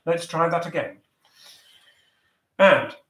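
A man leading a choir's vocal warm-up over a video call, giving gentle, encouraging instructions. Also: fairly high pitch, animated, slow, reverberant.

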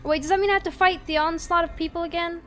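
A woman gives casual commentary on a video game in a high voice. She is goofy and playful and often shouts spell names. Faint music plays behind her. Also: fairly even intonation, quick pace. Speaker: gaming streamer.

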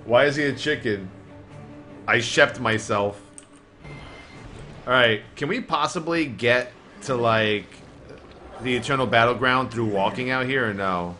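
A man streaming a game live, trash-talking other players with loud, profane, joking outbursts. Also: medium pitch, unhurried, pauses often, soft background music. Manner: brash trash talk with loud outbursts and laughter. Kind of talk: profane live gameplay commentary.

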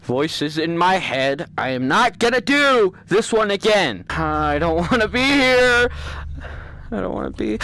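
A man giving frightened, pleading commentary as he plays a horror game, often breaking into shouts. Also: sits high, big pitch swings, unhurried, creaky, poor audio. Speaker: gameplay video creator.

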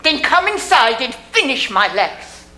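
A woman's voice: high-pitched, very animated, measured pace, bright, forceful tone, slight background noise, exaggerated voice. A woman playing a steely old grandmother. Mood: cold. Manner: hard, clipped, commanding. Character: stern old immigrant grandmother, iron-willed. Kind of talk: community theater stage acting. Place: theater stage. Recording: roomy stage sound.

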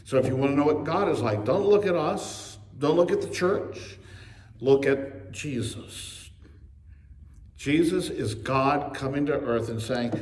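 A male pastor preaching a sermon with emphasis, slowing on key phrases and speeding through asides. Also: a little high, animated, darkish tone. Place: church sanctuary. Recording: echoey church from a distance.

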